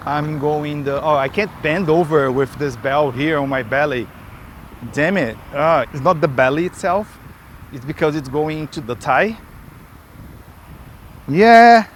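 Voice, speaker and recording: A man's voice: fairly high pitch, measured pace, a little hiss or hum. A man vlogging while skating through an outdoor park, out of breath and rambling off topic, talking into a camera he holds or straps to his body. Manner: rambling, chatty, self-interrupting asides. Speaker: skate builder vlogger. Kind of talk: casual vlog while skating. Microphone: camera held in hand or strapped to body.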